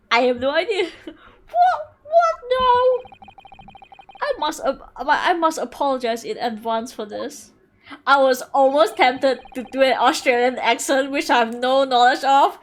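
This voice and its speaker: Giggly, high-voiced young woman streamer. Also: animated, unhurried. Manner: giggly, swears, rambles and self-corrects. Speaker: game streamer. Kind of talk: casual livestream commentary.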